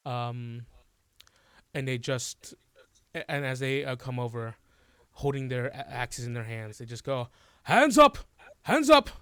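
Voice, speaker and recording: A man running a tabletop fantasy game, narrating the scene in a slow, halting way that is full of fillers and restarts. His voice sits at an ordinary pitch and sounds dry and close, with no room around it. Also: flat delivery, clear, resonant tone, no echo. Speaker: game master.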